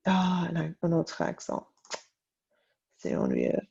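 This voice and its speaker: Slow, gravelly woman teacher, lo-fi. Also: mid-range voice, a little mellow. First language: English. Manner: slow, deliberate modelling of French sentences. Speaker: French teacher. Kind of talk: recorded online lesson. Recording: dull lo-fi audio.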